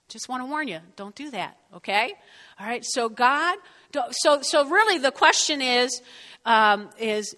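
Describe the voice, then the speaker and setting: A woman pastor preaches in a bright, fairly high voice, conversational and lively, drawing call-and-response from her congregation. Her words ring out with the long reverb of a large hall. She speaks like she's talking with friends from the pulpit. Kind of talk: sermon.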